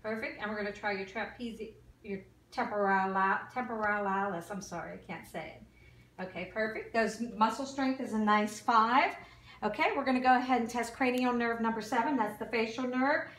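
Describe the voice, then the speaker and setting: A woman's voice: a little high, normal speed, fairly bright tone. A woman giving a clinical exam and talking a patient through each step, sometimes tripping over medical terms. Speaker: nursing student performing an exam. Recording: echoey room, mic far off.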